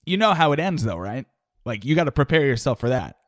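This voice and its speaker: A man's voice: mid-range voice, very animated, a little fast, dry recording. A man co-hosting a casual chat, teasing and needling his partner. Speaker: podcast co-host.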